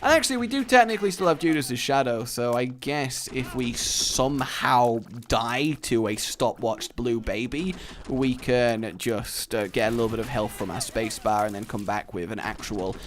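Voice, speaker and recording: A man's voice: medium pitch, moderate pace, a little hiss or hum. A young man giving joking let's play commentary, talking back to the game characters as he plays. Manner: joking, talks to game characters, lively swings in loudness. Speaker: gaming commentator.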